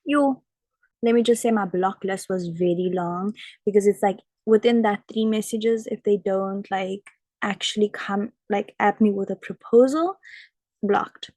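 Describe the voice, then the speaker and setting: A woman's voice: mid-range voice, fairly even intonation, unhurried, mellow, no room sound. A young adult woman vlogger and model, telling stories in a casual chat full of "like" fillers. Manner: chatty, frequent "like" fillers.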